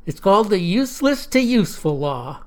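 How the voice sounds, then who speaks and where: A man's voice: high-pitched, sing-song, moderate pace. A narrator voicing a smug, self-important older man who boasts in a folksy way.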